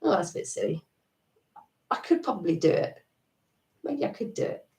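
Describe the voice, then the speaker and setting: A woman's voice: medium pitch, big pitch swings, normal speed, vocal fry, dark tone. A woman voicing her own doubting inner voice, talking herself out of things in a hesitant mutter. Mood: doubtful. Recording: echoey room, distant mic.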